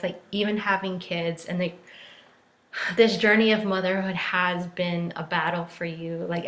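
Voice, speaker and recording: A woman in her thirties, a life coach, speaks with a voice that sits low but has a little brightness to it. She chats candidly on a live stream, full of fillers, and acts out what other people said. The phone or laptop mic picks up a roomy echo.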